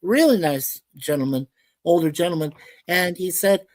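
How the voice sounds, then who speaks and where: A woman hosting a casual live-stream chat, chatty and quick to laugh, telling rambling stories. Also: lowish voice, animated, darkish tone, dry recording. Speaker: host.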